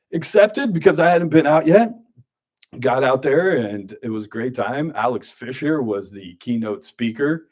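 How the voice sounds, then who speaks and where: A man, hosting a radio show in a studio with joking, grumpy banter and quick asides. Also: medium pitch, darkish tone. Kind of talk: casual radio talk.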